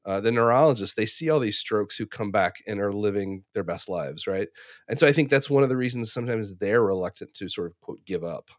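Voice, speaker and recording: A man in his forties, an ICU clinician, talking through a medical dilemma in relaxed conversation, telling stories with fillers and restarts. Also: on the low side, brisk, no echo, clean studio sound. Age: 40s. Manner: reflective, storytelling with frequent fillers and restarts. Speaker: ICU clinician, podcast co-host. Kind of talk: casual professional discussion.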